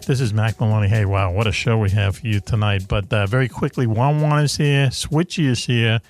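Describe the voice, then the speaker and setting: A man hosting a radio talk show, chatting casually with his panel in a joking, laid-back way full of fillers and quick laughs. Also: fairly low pitch, steady tone, soft background music.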